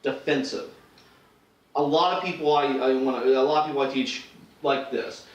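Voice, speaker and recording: A medium-pitched man at a normal pace walks through a self-defense demo, chatting casually, restarting frequently and performing quoted lines. The room echoes and the microphone sits far off.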